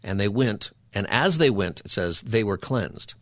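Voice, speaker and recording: A man's voice: lowish voice, animated, unhurried, dry recording, studio quality. A man hosting a show and giving a conversational Bible teaching, explaining scripture in an easy, chatty way with frequent rhetorical asides to the listener. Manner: chatty, asks rhetorical 'right?' and 'you know?' asides.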